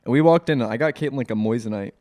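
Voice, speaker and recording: A man's voice: medium pitch, very fast, a little mellow. A young man co-hosting a comedy podcast, telling a story in casual banter with frequent laughs and restarts. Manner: laughs often mid-story, rambling with restarts. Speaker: podcast co-host.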